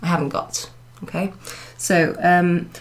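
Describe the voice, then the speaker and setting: A woman teacher slowly taking beginners through a French lesson, repeating phrases patiently and often pausing with ums. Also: fairly low pitch, fairly even intonation. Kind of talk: recorded class summary lesson. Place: classroom in a pub venue.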